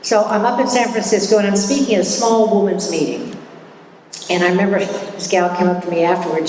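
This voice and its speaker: A woman's voice: medium pitch, brisk, darkish tone, far from the mic, slight background noise. A middle-aged woman speaking at a recovery meeting, candid and self-mocking, chatty with frequent restarts. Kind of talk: personal recovery talk. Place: meeting hall. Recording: echoey hall recording from afar.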